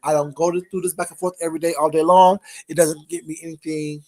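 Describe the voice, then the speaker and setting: A woman hosting a livestream, ranting at her chat in a profane, confrontational way that swings between loud and quiet. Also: low-pitched, little pitch movement, fast talker. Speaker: livestream host. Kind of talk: heated livestream rant to chat.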